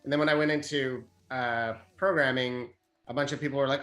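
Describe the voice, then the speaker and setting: A man's voice: medium pitch, lively intonation, brisk, a bit bright. Wry, self-deprecating male panelist. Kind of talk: casual chat.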